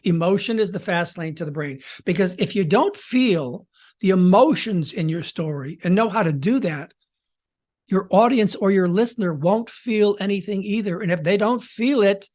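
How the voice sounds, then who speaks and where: Theatrical male storytelling coach. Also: high-pitched. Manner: theatrical, with dramatic pauses and shifts in tempo and volume. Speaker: podcast host and storytelling coach. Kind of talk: podcast teaching monologue.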